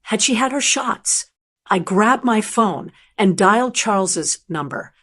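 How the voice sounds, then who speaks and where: A woman's voice: medium pitch, lively intonation, unhurried, fairly bright tone. Older woman narrating a family drama. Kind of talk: scripted first-person storytelling.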